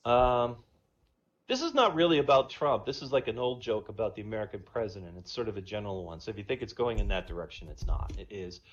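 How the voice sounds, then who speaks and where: A man doing chatty stand-up, telling jokes in an animated storytelling way over a dull online voice chat. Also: on the low side, fast. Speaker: stand-up comedian.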